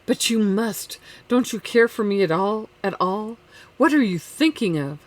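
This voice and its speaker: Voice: medium pitch, moderate pace, lightly acted. A reader voicing a grieving young widow who speaks in a listless, pleading way, in an audiobook. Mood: desperate. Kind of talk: audiobook character reading.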